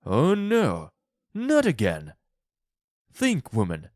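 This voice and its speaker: A man's voice: lowish voice, slow, a little mellow, dry recording, studio quality. A man playing a tired, fearful old man who pleads urgently and firmly. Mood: pleading.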